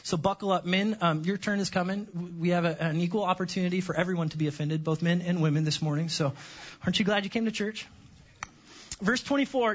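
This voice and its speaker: A man preaching a sermon as pastor, animated, joking and sarcastic with his congregation. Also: high-pitched, fast, dull audio.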